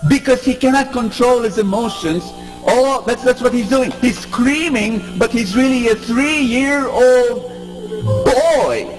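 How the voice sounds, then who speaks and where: A man giving an animated inspirational talk to a live audience, prompting the crowd to respond. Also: sits high, rough recording. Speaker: preacher.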